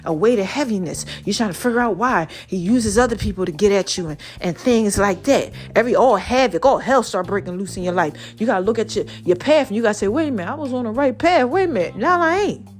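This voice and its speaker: A tired woman hosting a podcast from Brooklyn, giving an animated, preachy motivational talk in a slangy voice that speaks straight to the listener. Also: medium pitch, quick pace, hardly any pauses. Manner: animated and preachy, with slangy direct address and sung snatches. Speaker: podcast host.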